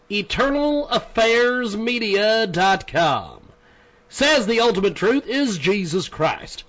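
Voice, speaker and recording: A man hosting a radio talk show, chatting loosely with guests and reading sponsor spots. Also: sits high. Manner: laughing, relaxed sign-offs, spells out web addresses. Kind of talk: casual radio chat and live ad reads. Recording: dull lo-fi radio sound.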